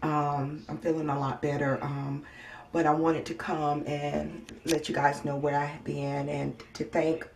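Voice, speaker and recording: A weary woman in pain giving a casual personal health update as a vlogger at home, soft-spoken and halting, with many ums and sighs. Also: deep voice, little pitch movement, vocal fry, a little hiss or hum. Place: home, indoors.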